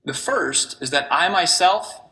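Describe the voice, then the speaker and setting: Brief: stage talk speaker, bright tone, storytelling and rhetorical questions, mid pitch. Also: expressive, unhurried.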